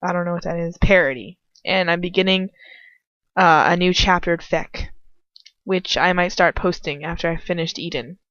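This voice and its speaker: A woman's voice: lowish voice, fairly even intonation, normal speed, a bit bright, dry recording, muffled recording. A woman reading fan fiction aloud in a casual, playful way, breaking off with goofy asides. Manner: goofy, playful, giggly interjections. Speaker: audiobook reader of fan fiction.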